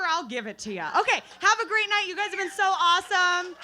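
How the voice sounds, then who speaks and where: A young woman working through a stand-up set at an open mic night. Her voice sits high and sounds bright and sharp. She tells self-deprecating stories loosely, with fillers, restarts and laughter. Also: animated, normal speed, hardly any pauses, a little hiss or hum. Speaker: stand-up comedian.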